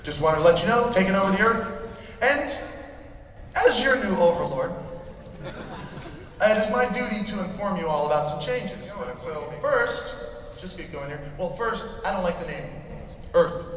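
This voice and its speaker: A man's voice: high-pitched, expressive, moderate pace, pauses often, fairly bright tone. A man doing a crude, ranting stand-up set in a mock-pompous manner, on stage in a large convention hall. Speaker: stand-up comedian. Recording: echoey hall recorded from far off, crowd noise. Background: audience laughing and cheering.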